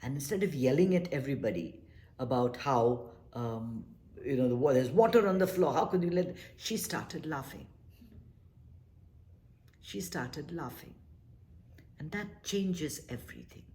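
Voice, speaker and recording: Low-voiced woman teaching meditation. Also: lively intonation, moderate pace. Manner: earnest, gently coaxing, acts out little quoted exchanges. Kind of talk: spoken class talk on calm and meditation.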